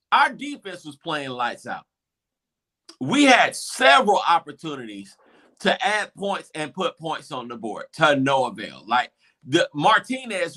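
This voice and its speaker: A man, hosting a show and excitedly retelling a football game, acting out the crowd's reactions. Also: on the high side. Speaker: show host. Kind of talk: animated game recap.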